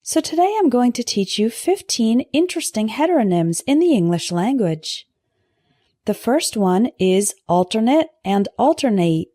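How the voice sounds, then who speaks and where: A woman teaching English vocabulary in a scripted lesson, pronouncing word pairs slowly and carefully for learners to repeat. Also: on the high side, big pitch swings, mellow, dry recording, studio quality. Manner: slow, careful pronunciation drills.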